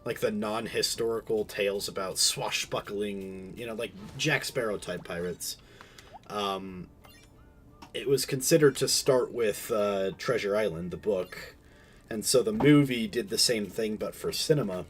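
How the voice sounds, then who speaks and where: A man with a fairly low voice chats casually while he streams a game. He rambles and keeps restarting his sentences, full of fillers and detours. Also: measured pace. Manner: rambling, self-interrupting, many fillers.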